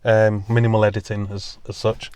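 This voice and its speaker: A man's voice: on the low side, little pitch movement, normal speed, a little mellow, smooth, no room sound. A man co-hosting a podcast from a car, bantering casually with plenty of swearing. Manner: swearing, jokey, puts on voices for quotes. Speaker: podcast co-host. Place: in a parked car.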